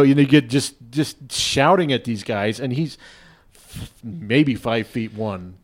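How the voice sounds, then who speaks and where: Rambling, animated male sports blogger. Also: medium pitch, measured pace. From Denver area. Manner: rambling, animated, many restarts. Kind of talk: casual podcast chat.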